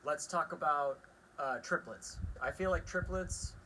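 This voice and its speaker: A man giving a casual drum lesson, chatty and relaxed, counting rhythms aloud as he demonstrates. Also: on the high side, measured pace, slight background noise, low-quality recording. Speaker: drum teacher. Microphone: phone camera aimed at a practice pad.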